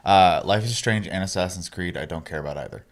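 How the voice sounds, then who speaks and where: A man's voice: low voice, fairly quick. A man on a gaming podcast, giving his picks in a blunt, matter-of-fact way. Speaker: podcast panelist. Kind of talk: casual gaming podcast chat.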